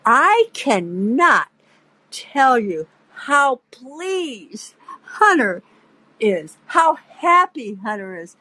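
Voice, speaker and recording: A woman spins a first-person story for her podcast audience, acting out the quoted voices with playful relish. Her pitch rises and falls in wide arcs while her pace stays slow and deliberate. The sound is close and dry. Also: big pitch swings, sharp tone, dry recording, poor audio. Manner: theatrical, acts out quoted voices; addresses listener directly, playful. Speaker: podcast host and narrator.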